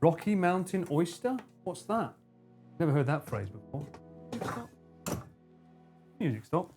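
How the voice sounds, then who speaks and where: A young English man with an Essex accent talks casually on a live stream, animated, with plenty of slang and swearing. Soft music plays faintly behind him. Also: a little high, a little slow. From England. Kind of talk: casual chat with a co-host and live chat.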